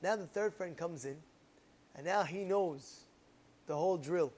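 A man casually telling a parable as a moral lesson, animated and rambling, with repeated fillers. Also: a little high, measured pace. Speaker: storyteller giving a moral lesson.

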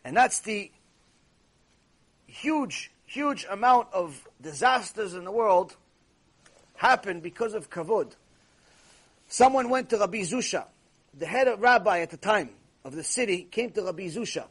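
A man giving a sermon lecture as a rabbi, animated and storytelling, with Hebrew terms mixed in. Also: sits high, unhurried, long pauses, slightly rough.

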